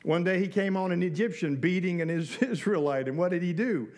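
A middle-aged male pastor delivers a sermon in a relaxed, conversational manner. His voice sits a bit high for a man. He throws rhetorical questions at the listeners and slips in dry, joking asides. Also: brisk.

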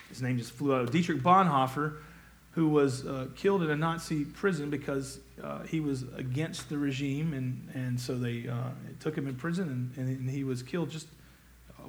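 Conversational preaching man, fairly high voice. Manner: conversational preaching with emphatic rises. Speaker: pastor. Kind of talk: sermon.

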